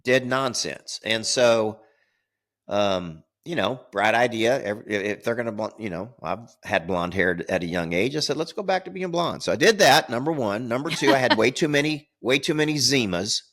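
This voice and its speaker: A man's voice: medium pitch, moderate pace, a bit bright. An older man telling a rambling story as a podcast co-host, repeating words and laughing at his own tale. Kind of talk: casual storytelling.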